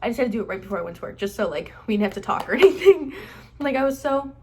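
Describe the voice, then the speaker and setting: A woman's voice: a little high, big pitch swings, rapid-fire, a little mellow, a little hiss or hum. A young woman in her late teens telling a casual storytime, rambling and filling every sentence with "like.". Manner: rambling, says "like" constantly. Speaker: vlogger.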